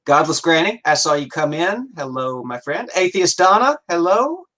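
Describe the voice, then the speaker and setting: A man's voice: on the high side, very animated, normal speed, sharp tone. A man hosting a livestream talk show, greeting viewers in the chat. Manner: friendly, greets chat by name. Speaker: host.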